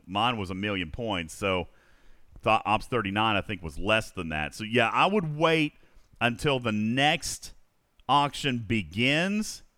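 Man, livestream host; lively swinging pitch, bright edge, casual rambling chat. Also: no room sound, studio quality. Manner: animated, rambling, reads out chat questions.

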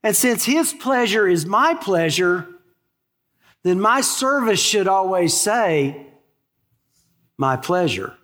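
Man in his sixties, pastor, sermon, high-pitched voice, folksy conversational delivery. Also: expressive, slow pace, fairly bright tone. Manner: conversational, folksy preaching with asides to the congregation.

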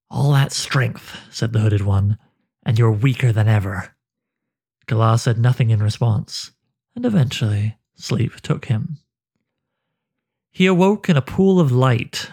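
A man narrating a dark fantasy story with a measured, dramatic delivery. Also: medium pitch, creaky.

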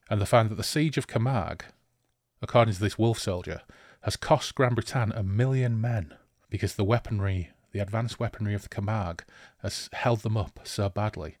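A man talking through a fantasy novel with chatty enthusiasm, switching between reading and commentary. His voice sits fairly low and sounds dry and close to the mic. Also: a little mellow, dry recording. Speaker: podcast co-host. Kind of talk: book discussion and reading aloud.

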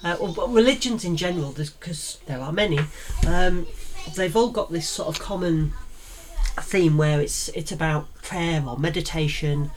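A woman's voice: on the low side, normal speed. Rambling, chatty Yorkshire woman on a podcast. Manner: rambling, laughs often, many fillers. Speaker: podcast co-host. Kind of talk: casual chat. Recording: noisy home recording.

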